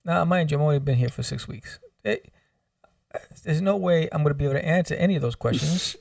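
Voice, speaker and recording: A man guesting on a podcast, telling a story in a lively, humorous way and acting out what people said. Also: fairly high pitch, a little fast, creaky, dry recording, studio quality, recorded from a distance. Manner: animated, humorous, acts out quotes. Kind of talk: casual storytelling.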